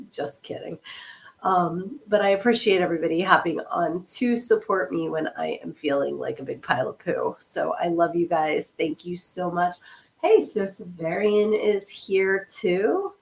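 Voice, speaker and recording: A woman in her fifties, hoarse from a cold, hosting a casual livestream podcast and chatting with her viewers in an apologetic, friendly way. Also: on the low side, measured pace. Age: 50s. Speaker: podcast host and author.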